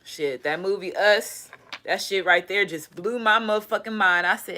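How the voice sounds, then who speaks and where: A woman doing a casual tarot reading, talking in an animated, profane way. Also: mid-range voice, moderate pace. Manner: animated, profane, laughing asides. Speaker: tarot reader.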